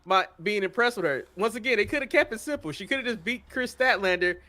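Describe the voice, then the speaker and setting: A man co-hosting a casual wrestling recap, opinionated and quick to swear, stammering when he gets excited. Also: high voice. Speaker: podcast co-host.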